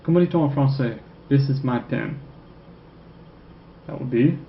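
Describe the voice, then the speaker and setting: Male French teacher, mid-pitched voice, tags "okay?" after every point, dull lo-fi recording. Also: gravelly. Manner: checks in with "okay?" constantly, repeats French phrases slowly. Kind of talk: recorded classroom lecture. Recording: echoey room, dull lo-fi sound, faint noise.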